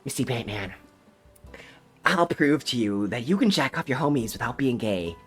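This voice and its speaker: A man's voice: mid-range voice, animated, fairly bright tone, breathy edge, soft background music, voice pushed down. A man voicing an unhinged, taunting male clown villain in a theatrical parody. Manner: theatrical, sly, drawn-out taunting.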